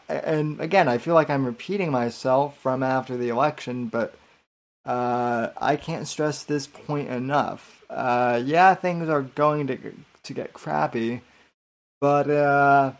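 A man's voice: mid-range voice, slow pace. A man hosting a casual late-night podcast stream, hesitant and full of fillers and restarts. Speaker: podcast host.

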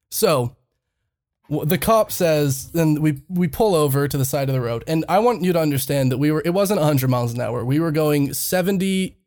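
A man's voice: a little high, darkish tone. A man co-hosting a podcast, telling a story in casual chat, laughing often and swearing freely. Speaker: podcast co-host.

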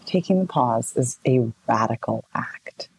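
A woman in her thirties, a voice coach and author, talking in a relaxed interview and telling stories with lively swings in pitch. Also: unhurried, gravelly, breathy edge. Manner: animated storytelling, wide pitch swings, expressive. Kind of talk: casual interview conversation.

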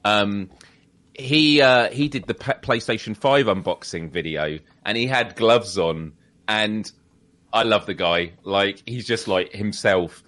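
A man's voice: on the low side, measured pace. Laughing British man telling stories. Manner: laughs often, animated storytelling with mimicked quotes. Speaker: podcast co-host. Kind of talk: casual chat.

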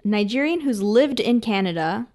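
A woman co-hosting a podcast in casual chat, teasing and quick to laugh. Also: a little high, expressive, darkish tone. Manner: teasing and giggly. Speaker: podcast co-host.

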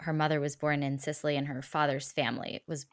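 A woman from the United States leads the interview, asking her questions in a friendly, relaxed way. Her voice sits low, and the recording is dry and close, with no room sound. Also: fast, dry recording. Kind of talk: conversational interview.

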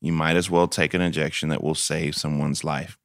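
A man's voice: rumbling low, level tone, moderate pace, a bit bright, dry recording, studio quality. A man from South Carolina, hosting a podcast and giving emphatic, folksy opinions before interviewing a guest. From South Carolina, USA. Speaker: podcast host.

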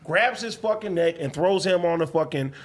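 A man in casual podcast chat, telling animated, profane stories from his life. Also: a little high, normal speed.

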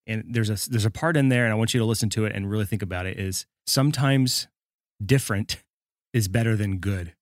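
A man's voice: lowish voice, a little fast, dry recording. Chatty male podcast host, dry sound. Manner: chatty, joking, loose and rambling. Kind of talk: casual podcast intro.

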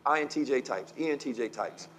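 A man's voice: mid-range voice, animated, fairly quick, a bit bright. A man with in a casual podcast conversation, talking in a preachy, emphatic way and often asking "right?". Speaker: podcast co-host.

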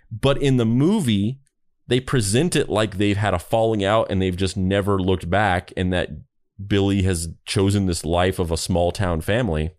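A man's voice: lowish voice, dry recording, studio quality. A man co-hosting a casual podcast, talking skeptically and rambling with restarts as he works through his thoughts. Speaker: podcast co-host.

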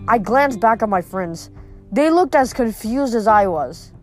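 A woman's voice: on the high side, animated, measured pace, soft background music. A woman reading a novel aloud, narrating steadily in the first person. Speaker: reader.

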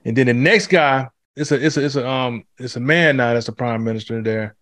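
Male co-host, casual and animated, profane, acts out quotes; dry, close recording. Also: mid-range voice, a little fast, no room sound. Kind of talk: casual chat.

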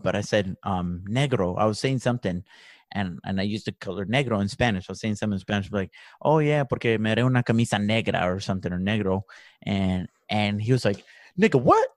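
A lower-pitched man hosting a podcast in loose, casual chat. He tells stories with animation, swears freely and slips Spanish phrases in. The sound is dry and close. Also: no room sound. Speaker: podcast host.

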